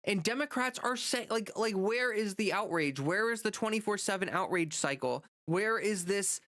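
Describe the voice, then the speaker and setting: A woman's voice: mid-range voice, animated, normal speed, fairly bright tone, no room sound. A woman streamer on an impassioned political rant, stumbling through restarts and leaning hard on fillers. She sighs in exasperation now and then. The recording is close and dry.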